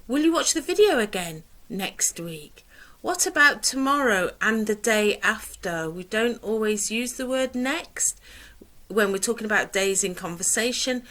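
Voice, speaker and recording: A woman teaching a lesson, who speaks slowly and deliberately and asks questions in a rising sing-song way. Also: medium pitch, fairly bright tone, low-quality recording. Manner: slow, deliberate teacherly delivery. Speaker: English teacher. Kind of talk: online English lesson.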